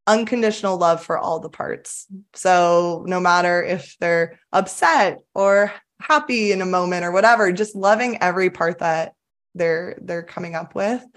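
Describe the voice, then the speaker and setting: A woman, a therapist, explaining her approach in a casual, earnest and upbeat podcast interview. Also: on the low side. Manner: earnest, upbeat, enthusiastic coaching tone. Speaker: somatic attachment therapist, guest.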